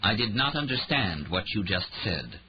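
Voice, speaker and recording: Guy putting on a calm robotic computer, slow and even, low voice, slightly dull sound. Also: background noise. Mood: placid. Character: flat polite computer dictation program voice.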